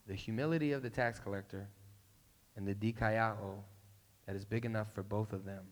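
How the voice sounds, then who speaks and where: A pastor giving a casual, playful sermon that breaks into emphatic bursts. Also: male voice, on the low side. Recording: long reverb in a large hall.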